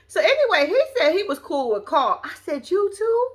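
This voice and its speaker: A woman's voice: sits high, sing-song, brisk. A woman recapping a reality show episode in casual, profane chat, talking straight to her viewers.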